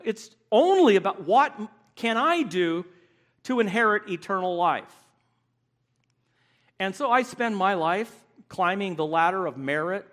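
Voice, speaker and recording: A man preaching a sermon, emphatic and animated, acting out the voices he quotes. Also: high-pitched.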